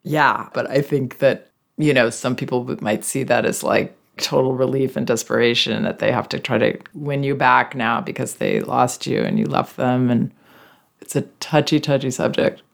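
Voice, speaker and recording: A woman's voice: a bass voice, fairly even intonation, normal speed, gravelly. A woman hosting a conversational interview, reflective and often seeking agreement with tag questions. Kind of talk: conversational interview about parenting.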